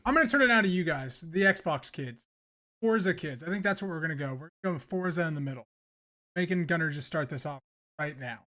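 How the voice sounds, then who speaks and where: A man's voice: a little high, lively intonation, a little fast, pushed and bright. A young man hosting a gaming podcast, teasing his co-hosts playfully. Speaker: podcast host. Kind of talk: casual chat.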